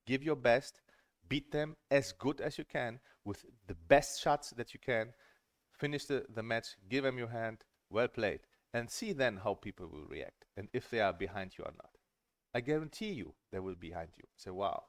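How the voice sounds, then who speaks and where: A middle-aged man coaching on a stream in a casual, earnest and emphatic way, often repeating words when he gets excited. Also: fairly low pitch, no echo. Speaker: table tennis coach and streamer.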